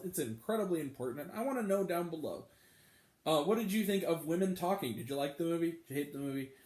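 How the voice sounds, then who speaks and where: A man's voice: on the high side, a little mellow, reverberant. A man hosting a movie review video, chatty and enthusiastic, with bursts of swearing. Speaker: movie review channel host. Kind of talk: casual talk-to-camera review vlog.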